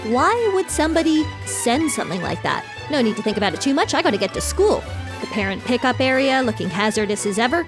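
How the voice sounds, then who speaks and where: A young woman hosting a gaming channel, bubbly and wry as she narrates her play and reads characters' lines aloud. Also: high voice. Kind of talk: playing and narrating a game.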